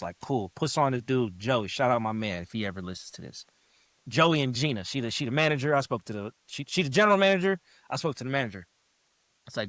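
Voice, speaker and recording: A man's voice: mid-range voice, a little fast, no echo, studio quality. A young man, a podcast guest, telling a story in casual chat and acting out what people said to him. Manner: animated, acts out quotes in raised voices.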